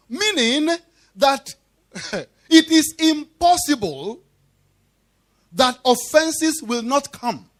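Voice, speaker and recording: A man's voice: very high-pitched, expressive, extremely slow, long pauses. A man preaching a sermon in church, who drives his point home through repetition and call-and-response questions to the congregation. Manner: emphatic call-and-response preaching, repeating key phrases. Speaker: pastor.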